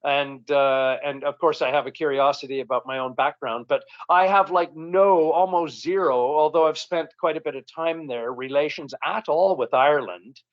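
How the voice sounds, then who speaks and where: Canadian man, comedian guest, slightly high voice, loose rambling delivery, dull lo-fi sound. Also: normal speed, hardly any pauses. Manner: rambling, relaxed, frequent restarts. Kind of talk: casual interview chat. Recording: dull lo-fi recording.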